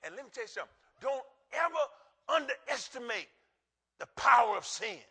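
A man preaching in church with a high, very bright, forceful voice. He swings widely up and down, calls on the congregation to answer back, jokes between points and breaks into shouts. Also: expressive, brisk, breathy edge. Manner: emphatic call-and-response preaching with joking asides; bursts into shouts. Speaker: pastor. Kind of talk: sermon. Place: church sanctuary.

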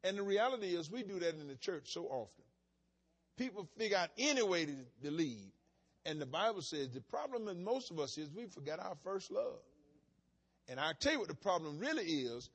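A man's voice: sits high, sing-song, fairly quick, a bit bright, husky. A male pastor preaching a sermon in a folksy, emphatic way, mixing plain storytelling with bursts of insistence.

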